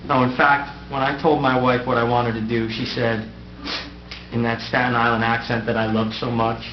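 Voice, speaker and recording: A man's voice: medium pitch, level tone, fairly quick. Wry middle-aged man giving a farewell speech. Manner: wry, self-deprecating humor. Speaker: outgoing mayor. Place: council chamber dais. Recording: echoey, dull, noisy room recording.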